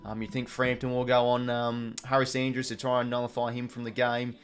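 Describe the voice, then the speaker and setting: A man's voice: medium pitch, monotone, a little fast. A young Australian man hosting a live watch-along stream, chatting casually, full of fillers and greeting viewers from chat.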